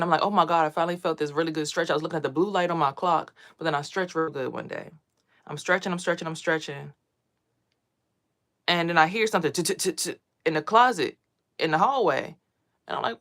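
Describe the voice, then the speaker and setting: A woman vlogger telling personal stories casually, lively and swearing freely as she acts out what others said. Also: lowish voice.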